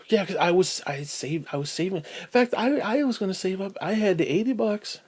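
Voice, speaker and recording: A man's voice: high-pitched, lively intonation, moderate pace, breathy edge. A man ranting casually to the camera, rambling and profane, working himself up as he talks. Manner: profane, rambling and easily worked up. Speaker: gaming vlogger.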